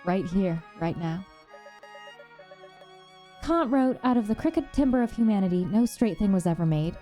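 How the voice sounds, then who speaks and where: A woman's voice: mid-range voice, lively intonation, moderate pace, pauses often, mellow, soft background music. A woman streamer reading a visual novel aloud, then gushing over it in an earnest, emotional way.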